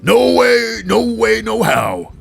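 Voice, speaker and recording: A man's voice: sits high, big pitch swings, slow, vocal fry, husky, soft background music, pitched above the performer's own voice, exaggerated voice. A man putting on a drawling, emphatic voice for a wrestler who refuses to get involved. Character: two laid-back wrestler brothers, backing off.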